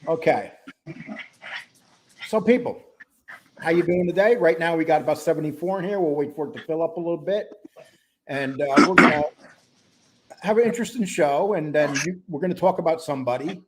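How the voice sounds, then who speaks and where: Man, live-stream host, casual rambling chat, slightly high voice, faint background noise. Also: a little fast, pauses often. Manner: greets chat viewers by name, relaxed and rambling.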